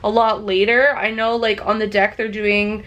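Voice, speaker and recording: A woman's voice: mid-range voice, level tone, moderate pace, a bit bright. A woman chatting casually to her camera in a travel vlog, bubbly and full of fillers, from a cruise ship cabin. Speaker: travel vlogger.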